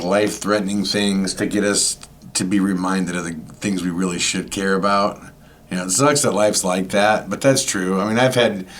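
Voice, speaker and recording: A man's voice: fairly low pitch, a bit bright. A man co-hosting a podcast, talking in a rambling casual way with many fillers. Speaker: podcast co-host. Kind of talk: casual chat.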